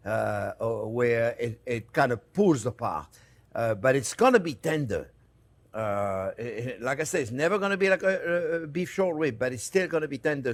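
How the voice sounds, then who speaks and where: Chatty chef, higher voice. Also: male voice, no room sound. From France. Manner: chatty, repeats "friends" often, laughs easily. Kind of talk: cooking demonstration.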